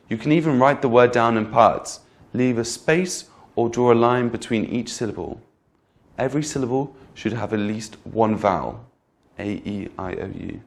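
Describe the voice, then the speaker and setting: A man teaching English pronunciation in a clear, patient lesson, repeating example words and checking in with the learner. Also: medium pitch. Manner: patient, repeats each example word twice; addresses the learner directly with frequent "okay?". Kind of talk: slow, clear instructional lesson.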